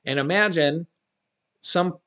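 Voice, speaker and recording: Male commentary host, slightly raised pitch, reads news copy then drifts into casual chatty asides. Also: slow, a bit bright. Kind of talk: reading news with personal commentary.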